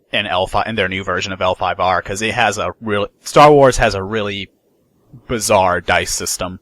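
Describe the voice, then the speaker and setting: A man with a lowish, slightly bright voice hosts a podcast of casual gaming news chat. He rambles, restarting sentences and using plenty of fillers. The recording is dry and low quality.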